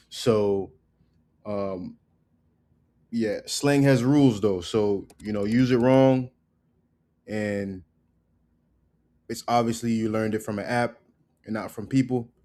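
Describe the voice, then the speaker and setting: A man giving a casual spoken language lesson, loose and repetitive, tagging "right?" onto his points and drilling words slowly. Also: lowish voice, a little mellow. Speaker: language teacher.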